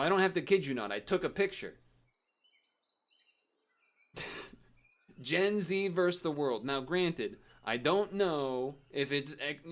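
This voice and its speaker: A man's voice: a little high, a bit bright. A young man streaming a game, chatting casually and thinking aloud as he rambles and cuts himself off.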